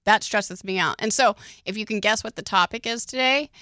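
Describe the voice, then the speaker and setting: A woman's voice: medium pitch, brisk, bright, forceful tone, no room sound, clean studio sound. A woman co-hosting a casual podcast, teasing her partner, laughing often and steering the conversation. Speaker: podcast co-host. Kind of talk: casual chat.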